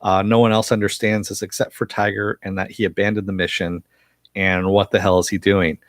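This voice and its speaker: A man's voice: lowish voice, level tone, a little fast, no echo, clean studio sound. A man casually recapping a TV episode for viewers, rambling with frequent fillers and chuckles. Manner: reads viewer chat aloud. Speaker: TV episode reviewer.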